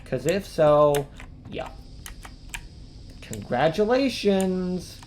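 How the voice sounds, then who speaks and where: A woman's voice: extremely low pitch, animated, slow pace, darkish tone, a little hiss or hum. A woman streaming a video game, commenting casually and swearing as she rants in angry outbursts.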